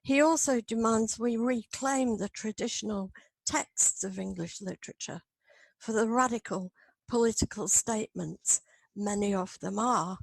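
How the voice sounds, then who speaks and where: A middle-aged woman academic reading her paper aloud in a measured, earnest way. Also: medium pitch, gravelly, husky, no echo, poor audio. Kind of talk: read-aloud lecture.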